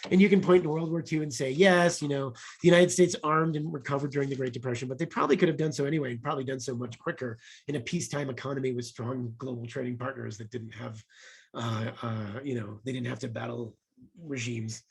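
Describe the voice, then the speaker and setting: Husky, eager man explaining economics. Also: medium pitch, steady tone, fast. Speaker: economics panelist. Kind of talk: webinar discussion.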